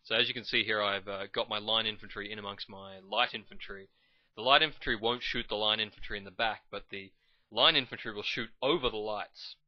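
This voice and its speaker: A man gives rambling, casual let's play commentary, often correcting his own words. His voice sits fairly low, and the recording is dull and lo-fi with a dry, close sound. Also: steady tone, a little fast, dry recording. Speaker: gamer commentating his match.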